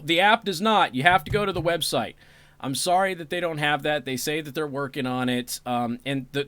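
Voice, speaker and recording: A man's voice: mid-range voice, fairly bright tone, no room sound. Radio guy on a dry close mic, sarcastic, rambly livestream chat. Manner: sarcastic, apologetic asides, breaks into laughter. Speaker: radio talk show host. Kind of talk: casual livestream commentary.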